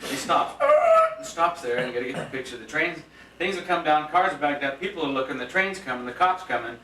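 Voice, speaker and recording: A man with a fairly high, bright, forceful voice talks fairly quickly through a long birthday-roast story, laughing and restarting with plenty of fillers. The party room is full of guests, and the distant home camera picks up echo and crowd noise.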